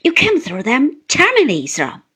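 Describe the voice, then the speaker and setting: A woman's voice: high-pitched, huge pitch swings, pushed and bright, husky, full character voice. A woman doing a meek elderly country doctor. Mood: meek, deferential. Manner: slow, deferential, apologetic.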